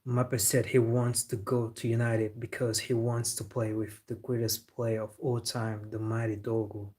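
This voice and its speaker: A man's voice: mid-range voice, little pitch movement, unhurried, darkish tone, husky. A man hosting a live football reaction stream, chatting casually and answering viewers with strong opinions. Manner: opinionated, replying to chat.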